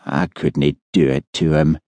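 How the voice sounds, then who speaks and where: A man voicing an earnest, soft-hearted young police constable who talks anxiously. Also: rumbling low, steady tone, a little slow, no echo.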